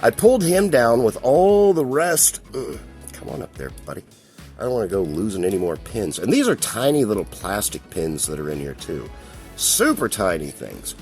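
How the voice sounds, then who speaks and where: Soft music plays behind this man as he handles a collectible figure and reviews it casually. His lowish, slightly mellow voice is very animated and moves at normal speed, and he rambles chattily with the occasional chuckle.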